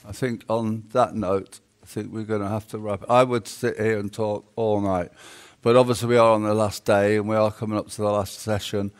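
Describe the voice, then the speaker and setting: A man's voice: fairly low pitch, little pitch movement, fairly quick, hardly any pauses, clean tone. A man hosting a conference panel in an upbeat, chatty way. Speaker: panel host.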